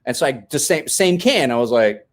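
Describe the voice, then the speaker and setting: A man in his forties tells a story on his show with lots of energy. His voice sits at middle height but swings widely as he acts out what people said. The talk is loose and casual. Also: fairly quick. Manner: animated storyteller, acts out quotes with big pitch jumps and laughs. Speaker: host.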